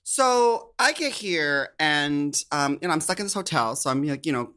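A man co-hosting a podcast, telling stories in a campy, animated casual way. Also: fairly high pitch, moderate pace, clear, resonant tone. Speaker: podcast co-host. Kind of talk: casual chat.

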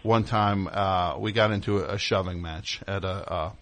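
A man's voice: deep voice, steady tone, normal speed, crowd noise. A man hosting a call-in radio show, talking in a sardonic, rambling, mock-indignant way. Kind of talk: casual call-in radio talk.

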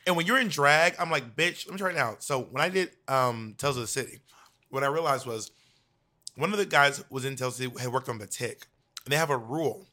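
A man telling backstage stories with big, campy energy and plenty of swearing. His voice is bright and forward, and it comes through a remote video call. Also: medium pitch, quick pace. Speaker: drag performer and actor. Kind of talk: casual chat on a video call.

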